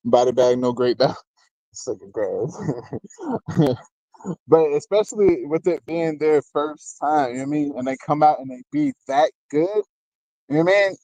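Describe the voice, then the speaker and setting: A man's voice: on the high side, expressive, normal speed, long pauses, warm tone, no echo, poor audio. Man rambling battle rap host, dry sound. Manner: loose and rambling, constantly asking "you know what I mean"; laughs between remarks, jokes with chat. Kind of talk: casual commentary.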